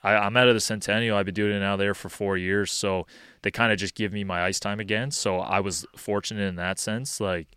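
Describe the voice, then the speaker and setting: Young man, hockey coach, deep resonant voice, laid-back talker with plenty of fillers. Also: a little fast, clear, resonant tone, dry recording, studio quality. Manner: relaxed and rambling, many fillers like "you know" and "um". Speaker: hockey skills coach and podcast guest. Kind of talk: casual interview chat.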